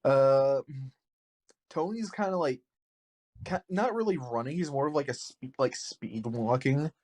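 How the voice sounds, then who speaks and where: A man's voice: medium pitch, a little slow, darkish tone. A man playing a tabletop game, hesitantly describing what his character does. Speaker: player.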